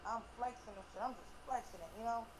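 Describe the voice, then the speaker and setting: A woman's voice: on the high side, fast talker, noisy background. Young woman, early twenties, interview guest; blunt, swears freely, emphatic delivery. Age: 20s. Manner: blunt, profane, emphatic storyteller. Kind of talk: casual storytelling in an interview.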